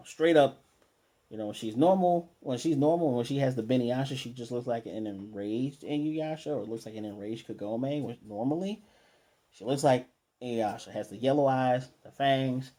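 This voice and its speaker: A man with a mellow, slightly husky voice runs through an anime episode in a loose, conversational way. He paraphrases the characters' lines and stumbles over restarts as he goes. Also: mid-range voice. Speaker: anime reviewer. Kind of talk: casual episode recap.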